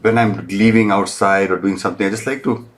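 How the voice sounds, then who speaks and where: A man guest on a live crystal show, explaining in a hesitant, halting way with many pauses. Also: fairly low pitch, fairly even intonation.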